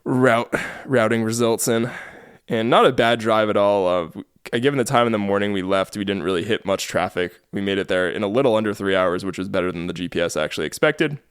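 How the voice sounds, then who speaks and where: A man's voice: lowish voice, brisk, smooth, no echo, clean studio sound. A man hosting a podcast, casually telling a travel story and laughing often. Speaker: podcast host. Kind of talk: casual chat.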